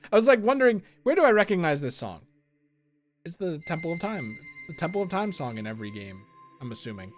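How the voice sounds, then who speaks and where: A man's voice: fairly high pitch, big pitch swings, fast, over music. A young man with a Philadelphia accent, rambling casually as he comments on his gameplay, full of fillers and restarts. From Philadelphia, USA. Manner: rambling, musing aloud, many fillers and restarts. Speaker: let's play gamer.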